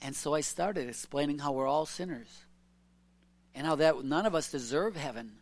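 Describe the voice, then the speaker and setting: A preacher giving an informal evening sermon, telling stories earnestly with soft chuckles and asking "isn't it?" and "you know" all the time. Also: medium pitch, animated, moderate pace. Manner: chatty, many tag questions and "you know".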